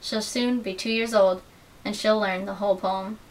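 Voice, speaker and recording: Young woman, earnest measured reading, literary excerpts, distant mic, faint hiss. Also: medium pitch, fairly even intonation. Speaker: student reader.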